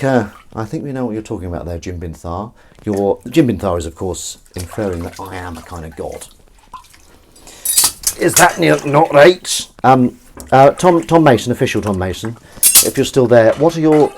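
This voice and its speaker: A man's voice: fairly low pitch, darkish tone, a little hiss or hum. A man hosting a comedy livestream from his kitchen sink, chatting and reading out viewer comments in a rambling, self-mocking way while washing up. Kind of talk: casual chatty livestream banter. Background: clinking dishes and running water.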